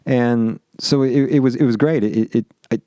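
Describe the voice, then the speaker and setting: A man from Austin, Texas, a guest musician talking casually in an interview, reflective and halting, often repeating words as he thinks. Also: medium pitch, warm tone, no room sound, clean studio sound.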